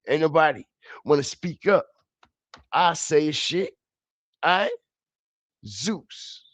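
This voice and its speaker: A man's voice: on the high side, no echo. A man hosting a livestream, ranting in a heated, confrontational way, taunting and repeating himself. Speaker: livestream commentary host. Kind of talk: profane ranting livestream commentary. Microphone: streaming setup mic.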